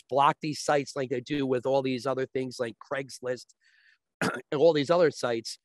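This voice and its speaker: A man's voice: mid-range voice, steady tone, normal speed, no room sound. A man as a guest, explaining sports betting in casual chat with long, restarting sentences.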